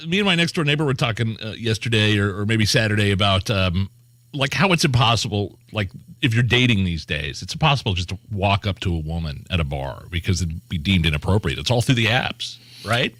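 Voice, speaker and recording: A man with a Midwest American accent co-hosting a talk radio show, rambling and animated. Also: fairly low pitch, a little fast, no echo. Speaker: radio co-host. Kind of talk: casual talk radio banter. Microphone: studio microphone.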